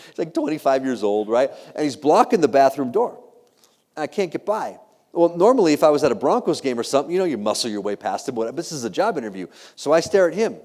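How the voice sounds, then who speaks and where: A man in his thirties giving a humorous storytelling keynote, animated and self-deprecating, teasing the audience with questions. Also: mid-range voice. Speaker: keynote speaker. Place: large hall. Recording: long reverb of a large hall.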